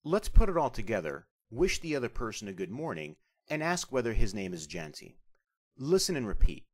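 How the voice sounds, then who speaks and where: A man narrating a scripted language lesson as the instructor, speaking carefully and deliberately as he breaks down sounds. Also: mid-range voice, sing-song.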